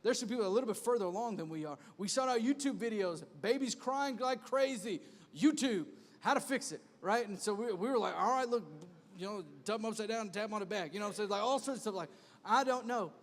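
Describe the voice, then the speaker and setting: Man in his thirties, pastor, lively sermon, high voice, long church-hall reverb. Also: fast talker. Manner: repetitive preaching refrain, conversational and animated.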